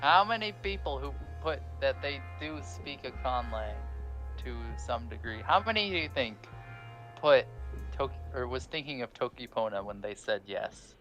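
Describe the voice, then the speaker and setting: A young man joining a group chat over slightly muffled, lo-fi call audio. His pitch sits in the middle, and he builds his points at length as he thinks out loud. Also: sing-song, normal speed, faint music behind. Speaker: guest panelist. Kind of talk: casual group discussion.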